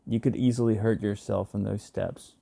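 A man's voice: lowish voice, steady tone, moderate pace, gravelly, warm tone, no echo. A man voicing an amused, easygoing neighbor. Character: friendly, self-assured Black male neighbor, middle-aged.

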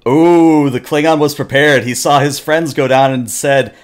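A man running a tabletop game as game master, narrating the action with animated storytelling and frequent fillers. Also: fairly high pitch, moderate pace, few pauses.

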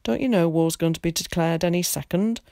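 A woman voicing a bossy, excitable old man who scolds in a hurried way. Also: on the low side, no echo, clean studio sound, lightly acted.

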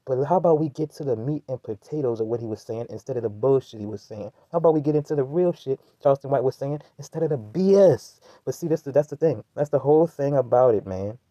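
A man's voice: mid-range voice, animated, quick pace, hardly any pauses, warm tone, no room sound, dull audio. A man giving a heated, rambling commentary rant, full of slang and restarts. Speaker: commentary vlogger. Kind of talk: ranting commentary.

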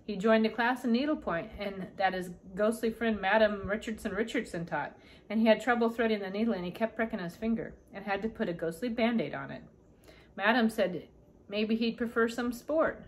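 A woman's voice: mid-range voice, normal speed. A woman reading a children's picture book aloud, adding chatty asides about the pictures for young listeners. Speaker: storybook reader.

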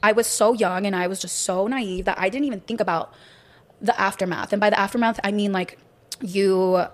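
A woman's voice: mid-range voice, fairly even intonation, brisk. A woman telling a personal story in a rambling way, full of fillers. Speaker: guest in a played clip. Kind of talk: confessional storytelling.

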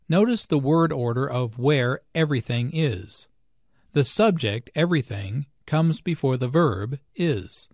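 A man reading English language notes in a slow, clear, scripted lesson style. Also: mid-range voice, expressive, darkish tone, no room sound, clean studio sound. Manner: slow, clear explanatory delivery. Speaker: English teacher.

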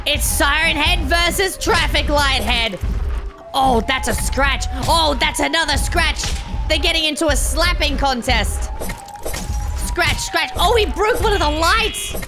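A woman giving excited, slangy reaction commentary on an animated clip, exclaiming dramatically as events unfold. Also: high-pitched. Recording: music playing behind the voice.

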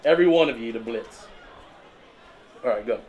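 A man acting in a scripted comedy sketch, talking calmly and then erupting into shouted tantrums at people who are not heard. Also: medium pitch, normal speed, dull audio, some chatter behind. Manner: talks to unseen people on phone and field.

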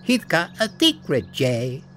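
A giggling teenage henchman sputters out gleeful taunts, as a man puts him on. His voice is pushed well up into a high, jumpy register. A low hum sits behind the recording. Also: huge pitch swings, a little slow, a bit bright, exaggerated voice. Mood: taunting.

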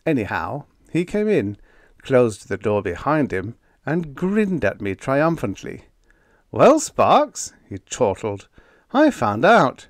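A man's voice: mid-range voice, dry recording, studio quality. A man narrating a humorous pulp sci-fi story in the first person, in a wisecracking storyteller's manner. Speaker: audiobook narrator.

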